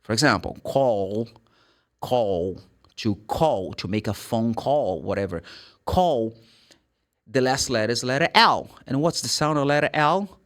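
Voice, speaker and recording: A man with a Brazilian accent gives an English pronunciation lesson in a lively, swooping voice. He spells out letters and repeats their sounds one by one. His voice sits at an ordinary pitch for a man. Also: moderate pace. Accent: Brazilian Portuguese. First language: Brazilian Portuguese. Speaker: English teacher.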